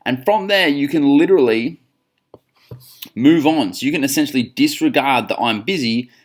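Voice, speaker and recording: A man's voice: on the high side, lively intonation, normal speed. An Australian man coaching gym staff on phone sales, upbeat, acting out both sides of the calls. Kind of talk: instructional talk on phone sales.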